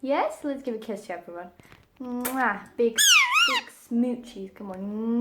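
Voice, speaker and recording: A woman's voice: fairly high pitch, very animated, takes it slowly, very noisy. A woman talking to her pet parrot in playful baby talk, coaxing it with short, repeated cues in a sing-song way, at home.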